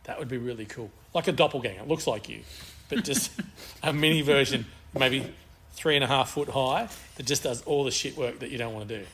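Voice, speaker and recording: A man's voice: mid-range voice, a little fast, fairly bright tone, slight background noise. A man co-hosting a podcast, rambling crudely through casual banter and swearing freely. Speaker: podcast co-host.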